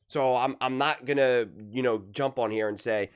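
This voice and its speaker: A man's voice: medium pitch, fast, few pauses, clean tone. Rambling male sports commentator. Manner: rambling, repeats words, animated. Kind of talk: casual sports opinion talk.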